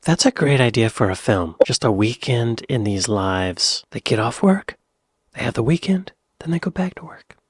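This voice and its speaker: A man's voice: mid-range voice, animated, normal speed, breathy edge, no room sound, studio quality. An American man hosting a reaction video, reading film summaries aloud and adding casual remarks. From United States. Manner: reads summaries aloud, then remarks and chuckles.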